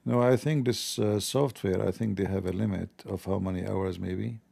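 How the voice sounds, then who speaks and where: Gravelly, dark-voiced man chatting on stream. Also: on the low side, steady tone, moderate pace. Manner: rambling, joking, talks to viewers. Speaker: live stream host. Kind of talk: casual live-stream chat.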